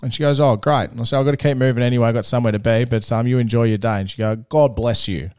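A man's voice: medium pitch, flat delivery, very fast, a little mellow, smooth, dry recording, studio quality. A man with an Australian accent, co-hosting a podcast and telling a rambling, sweary story in a casual chat. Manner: rambling, laid-back, swears freely. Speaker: podcast co-host.

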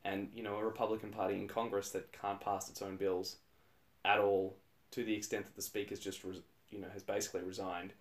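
A man's voice: fairly low pitch, little pitch movement, fairly quick. A man co-hosting a casual podcast, arguing his point with lots of hedges and fillers. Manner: hedging, argumentative, filler-laden. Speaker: podcast co-host.

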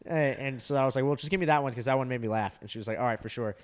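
A man's voice: mid-range voice, rapid-fire. A young man telling a story in casual chat, swearing often and full of fillers. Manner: animated storytelling, heavy swearing, many fillers.

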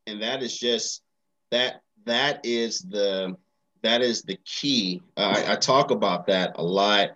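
A man's voice: fairly low pitch, slow pace, pushed and bright, dull audio. A man hosting an interview, often chiming in with short replies and laughing along with his guest. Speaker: host. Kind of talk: interview conversation.

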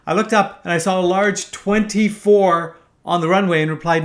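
A man's voice: high voice, fairly even intonation, moderate pace, hardly any pauses. A man in his fifties from Canada, telling a first-person story in a wry, casual way, swearing freely. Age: 50s.

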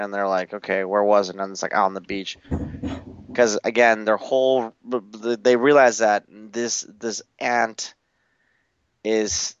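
A man co-hosting a podcast, recapping episodes in casual chat, blunt and quick to swear, acting out the characters' lines. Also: lowish voice, clean tone, no room sound, lo-fi sound. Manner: blunt, swears freely, acts out quotes. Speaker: podcast co-host.

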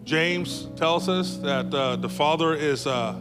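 A man's voice: a little high, takes it slowly, over music. A man preaching a sermon in a conversational, repetitive way with many fillers, making pleading, urgent appeals.

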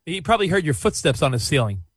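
High-voiced man asking probing questions. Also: big pitch swings, fast, slightly rough, no room sound. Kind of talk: casual podcast chat.

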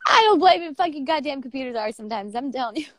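Laughing, cussing woman with a high voice. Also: lively intonation, fast, very noisy. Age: adult with a young son. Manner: laughs often, swears casually. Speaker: co-host of a poetry show. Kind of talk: casual chat.

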